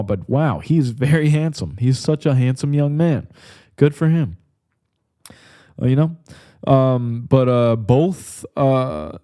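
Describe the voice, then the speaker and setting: A man's voice: medium pitch, mellow. A young man hosting his own podcast alone, telling stories in a rambling, loose way with plenty of swearing. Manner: rambling and loose, with lots of fillers and profanity. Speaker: podcast host. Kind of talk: casual solo podcast monologue.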